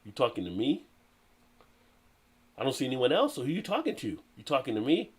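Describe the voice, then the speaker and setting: A man's voice: medium pitch, wildly swooping pitch, fairly quick, slightly rough. A man putting on a confrontational tough-guy gangster impression, repeating a challenging question. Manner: repetitive, challenging.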